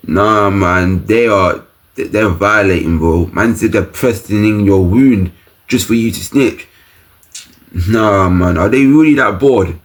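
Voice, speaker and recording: A man's voice: lowish voice, slow pace. A man reacting to a video, exclaiming and laughing in casual commentary.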